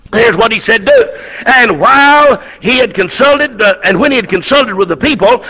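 A middle-aged man preaching a fiery, folksy sermon that breaks into shouting bursts, heard on a dull lo-fi recording. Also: very high voice.

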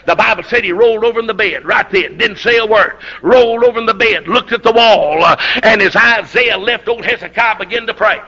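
A preacher with a high, piercing, very bright voice, working through a revival sermon in storytelling bursts. He swings from quick asides to slow, shouted climaxes. The recording is dull and lo-fi.

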